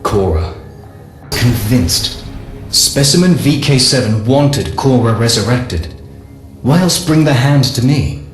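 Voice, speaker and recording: A man reading a first-person diary as scripted narration, measured, solemn and deliberate. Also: medium pitch. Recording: echoey room with faint music.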